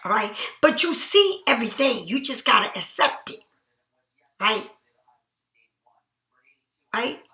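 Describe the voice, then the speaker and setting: Woman w/ doing a tarot reading, high bright voice, keeps saying right?, echoey room. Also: big pitch swings, takes it slowly, long pauses. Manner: chatty, emphatic, keeps asking "right?" and "all right?". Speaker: tarot card reader.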